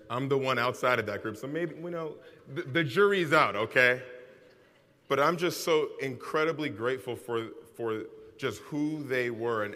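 A male pastor preaching in a chatty, self-deprecating manner, often stopping for asides and restarting his phrases. His voice sits in an ordinary middle pitch. The sound rings out with the long reverb of a large hall. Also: a bit bright. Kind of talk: sermon.

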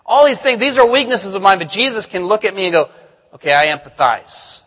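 A man's voice: high-pitched, fast talker, in a large hall, highs cut off. A male pastor giving a sermon, telling candid stories about himself with self-deprecating humor. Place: church sanctuary.

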